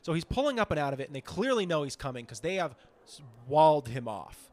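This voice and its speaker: A man talking quickly in a fairly high, very lively voice as he co-hosts a podcast. His chat is loose, profane and rambling, padded with "like"s. He swings his pitch widely while he holds forth. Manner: animated, profane, rambling with many "like"s. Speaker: podcast co-host. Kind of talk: casual comedic podcast chat.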